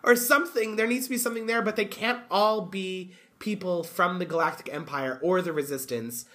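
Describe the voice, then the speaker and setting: A podcast co-host in casual chat, rambling and animated, full of fillers. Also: medium pitch, brisk.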